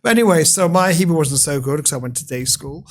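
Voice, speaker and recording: A man's voice: fairly high pitch, lively intonation, quick pace. Passionate British man in his fifties. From United Kingdom. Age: 50s. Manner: passionate, eloquent storyteller. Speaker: guest. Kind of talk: interview conversation.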